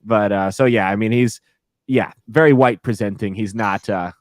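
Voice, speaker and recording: A man co-hosting a casual podcast, telling animated, profane stories full of restarts. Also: on the low side, moderate pace, no room sound, studio quality. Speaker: podcast co-host.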